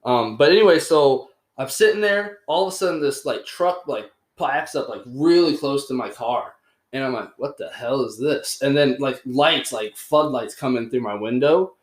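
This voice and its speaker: A young man hosts a podcast and tells a story in casual, rambling chat packed with fillers and swearing. His mid-range voice is expressive and moves at normal speed, recorded in a roomy, echoey space.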